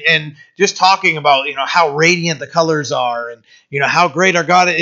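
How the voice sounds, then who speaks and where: Male pastor, relaxed chatty sermon, bright forward tone, muffled lo-fi sound. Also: a little high. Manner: casual, animated, many restarts and asides. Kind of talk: conversational sermon.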